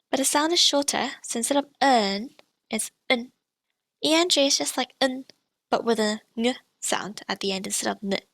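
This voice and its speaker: A woman teaching pronunciation, explaining sounds clearly and repeating each example slowly. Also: on the high side, fairly bright tone, no echo. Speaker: language teacher.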